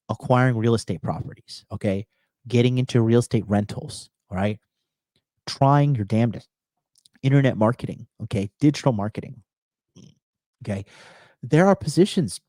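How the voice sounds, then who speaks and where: A man's voice: medium pitch, normal speed, dark tone, no echo, studio quality. A man streaming live as a dating coach, giving profane, emphatic advice and reading chat, repeating lines for punch. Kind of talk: livestream monologue reading chat.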